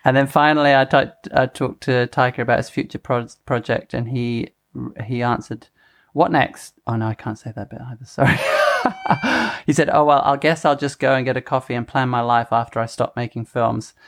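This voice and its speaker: A man's voice: mid-range voice, fairly even intonation, fairly quick, slight background noise. A middle-aged man hosting a casual podcast chat. He rambles, chuckles and keeps stopping to correct himself. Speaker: podcast host.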